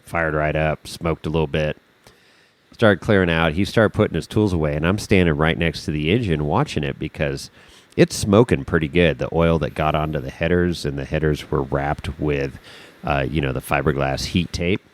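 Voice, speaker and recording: A man, a podcast guest, telling a story in a casual, animated way, swearing freely and acting out the scene. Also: very deep voice, moderate pace.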